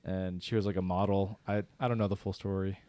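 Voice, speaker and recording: A man's voice: deep voice, little pitch movement, brisk, dark tone, no room sound. A man co-hosting a podcast in casual chat, telling stories with frequent laughter and casual swearing. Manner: laughs often mid-story, swears casually. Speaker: podcast co-host.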